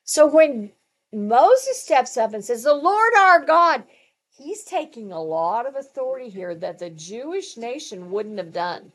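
A woman's voice: on the high side, big pitch swings, a little slow, mellow, breathy edge. A woman teaching through a Bible book to a group, emphatic and conversational, with asides and questions to her listeners.

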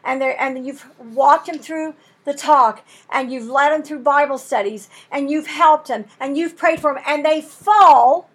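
A woman's voice: high-pitched, moderate pace, hardly any pauses, fairly bright tone. A woman teaching a Bible lesson in an earnest, emphatic way, using folksy turns of phrase and building intensity as she makes her points.

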